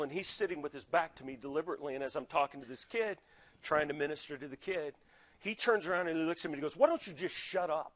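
Male preacher, conversational storyteller, slightly high voice, voices the people in his story. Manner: animated, acts out quoted dialogue. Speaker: pastor. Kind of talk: storytelling sermon.

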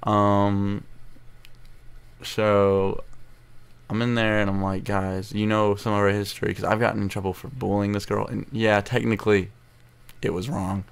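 A teenage boy telling a story to camera in a rambling, emotional way, recorded on an earbud mic at low quality. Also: little pitch movement, measured pace, creaky, long pauses, smooth. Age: teens. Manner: rambling, restarts often, emotional. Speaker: vlogger. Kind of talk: casual storytelling vlog.

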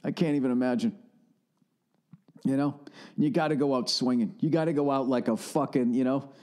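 A man's voice: medium pitch, fairly even intonation, fairly quick, darkish tone. A middle-aged man with a Boston accent, ranting solo as a podcast host in a casual comedic monologue, profane and laughing often. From northern United States. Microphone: studio podcast mic.

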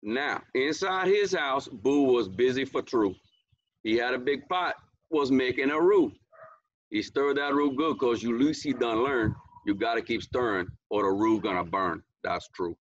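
A man's voice: medium pitch, lively intonation, measured pace, no room sound. A man reading a picture book aloud for a school story hour, in a folksy dialect with chatty asides. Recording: dull lo-fi, dry.

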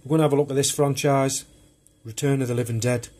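Man, husky, warm dark tone, chatty collector, unpolished rambling. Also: mid-range voice, steady tone, fast talker. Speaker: film collector vlogger. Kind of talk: casual show-and-tell of home video collection.

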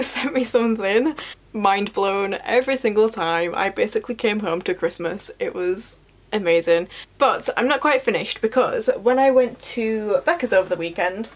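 A woman chatting casually about books in a vlog, enthusiastic and full of asides. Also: on the high side. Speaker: book vlogger. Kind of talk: casual chat.

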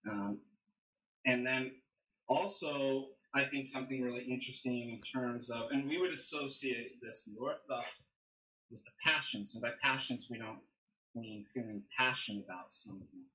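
Male theologian guest, bright tone, measured and explanatory, echoey room. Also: mid-range voice. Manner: measured, explanatory, thinking aloud. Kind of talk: livestream theology discussion.

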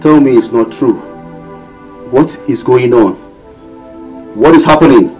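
A man's voice: medium pitch, unhurried, darkish tone, soft background music, natural voice. An actor playing a heartbroken young man with a Nigerian accent who pleads with his girlfriend, wounded. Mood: pleading.

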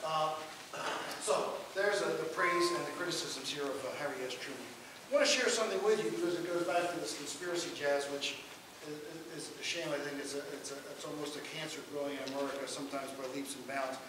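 A man's voice: a little high, fast. An older man giving a public history lecture in a joking, folksy storytelling way. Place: lecture hall. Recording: roomy, distant hall recording with noise.

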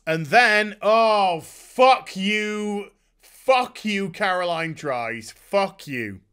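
Exasperated man ranting, bright voice. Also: high-pitched, animated, extremely slow, clear, resonant tone. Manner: profane, sarcastic, exasperated. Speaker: YouTube TV reviewer. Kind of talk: ranting TV review.

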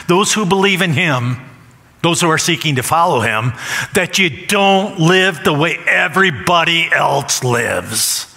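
A man delivers a sermon with a bright, forceful edge, his voice sitting a bit higher than most men's. He presses his points by saying them again and again. The sound carries a long reverb from a church sanctuary. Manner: emphatic, repeats phrases for stress. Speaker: pastor.

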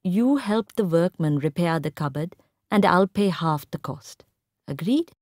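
A woman voicing a tall, composed stepmother who speaks in a cool, measured, quietly firm way in a read-aloud story. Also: mid-range voice, animated, no room sound, clean studio sound. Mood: gentle.

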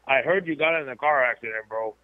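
A man's voice: mid-range voice, quick pace. A man calling in to a comedy stream, chatting in a laid-back way. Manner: laid-back, says bro. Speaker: caller. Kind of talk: casual call-in chat. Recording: tinny phone line.

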